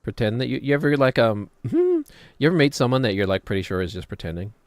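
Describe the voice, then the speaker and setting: A man's voice: mid-range voice, big pitch swings, quick pace, darkish tone, dry recording. A man in his thirties with a New Zealand accent, streaming and rambling casually in a joking, self-deprecating way. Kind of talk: casual chat while gaming.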